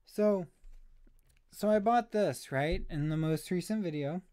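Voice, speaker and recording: A man's voice: sits high, measured pace, dark tone, clean tone, no room sound, clean studio sound. A man chatting on a live stream about thrift finds, rambling and self-deprecating, sounding slightly out of breath. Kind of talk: casual live stream chat.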